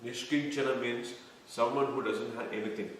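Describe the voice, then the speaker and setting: Male scripture teacher, measured explaining style, echoey room with faint background noise. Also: mid-range voice, fairly even intonation, fairly bright tone. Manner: explains terms slowly, quizzes listeners. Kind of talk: devotional scripture lecture. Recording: echoey room, mic far off.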